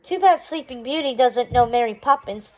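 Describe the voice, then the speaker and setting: A woman reading a children's chapter book aloud in a steady, expressive storytelling manner. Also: on the high side, normal speed, poor audio. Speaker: storybook reader.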